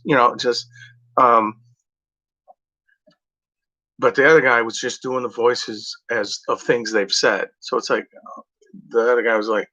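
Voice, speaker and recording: A man's voice: mid-range voice, fairly even intonation, normal speed, long pauses, sharp tone. A man chatting casually in a meandering way, full of "like" and "you know" and correcting himself as he goes. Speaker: vlogger. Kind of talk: casual rambling chat. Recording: dull lo-fi home recording.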